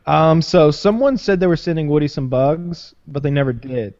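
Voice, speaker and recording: A man's voice: a little high, moderate pace, darkish tone. Laughing, rambling man on a dull mic. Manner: rambling, laughs often, swears freely. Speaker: podcast host. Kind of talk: casual chat. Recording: dull dry close-mic sound.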